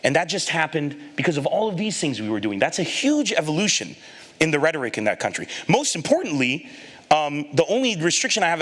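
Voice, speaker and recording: Bright-voiced man telling a comic story. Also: mid-range voice. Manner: animated, acts out the people in his anecdotes; laughs at his own lines. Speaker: comedian giving a talk. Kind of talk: storytelling stand-up talk.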